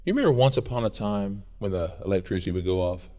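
A middle-aged man preaching in a church with a lively, swooping voice. He is animated and playful, slipping in quoted voices and snatches of song between his points. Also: fairly low pitch, fast. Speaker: pastor. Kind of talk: sermon. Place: church sanctuary.

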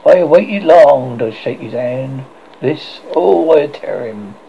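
A man's voice: mid-range voice, lively intonation, takes it slowly, creaky, a little hiss or hum. A man voicing a menacing, brooding pirate captain who speaks darkly and passionately, on a dull lo-fi recording. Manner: passionate, dark, threatening.

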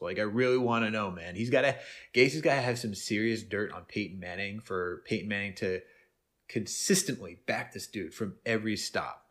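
A man co-hosting a podcast in casual sports chat. He talks in an animated way and often says "man" and "bro". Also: on the low side. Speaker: podcast co-host.

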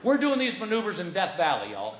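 High, lively comedian. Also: male voice, brisk. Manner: animated, breaks into shouts and laughs at his own story. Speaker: stand-up comedian. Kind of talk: stand-up storytelling. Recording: roomy live venue with crowd noise.

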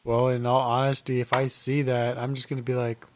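A man's voice: mid-range voice, flat delivery, fairly quick. A man co-hosting a casual podcast, blunt and joking, swearing freely as he acts out little scenes. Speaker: podcast co-host.

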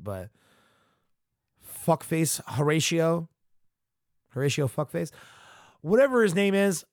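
Male podcast host, profane ranting commentary, lively swinging pitch. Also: no room sound, studio quality. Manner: animated, swearing, mock-outraged.

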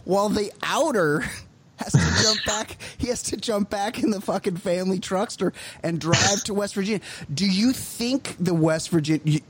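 A man co-hosting a comedy podcast, telling stories in an animated, profane way and laughing as he goes. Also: sits high, normal speed, breathy edge. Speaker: podcast co-host. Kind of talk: casual comedic chat.

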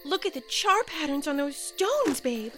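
A woman's voice: high-pitched, very animated, unhurried, a bit bright, soft background music, exaggerated voice. An actress playing a playful, teasing young woman investigating a burned town.

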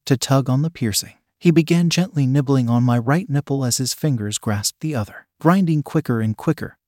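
A man reads a story aloud in a steady, unhurried first-person narration. His voice sits at an ordinary middle pitch. It is recorded close to the mic and sounds dry, with no room echo. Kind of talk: reading an erotic story aloud.

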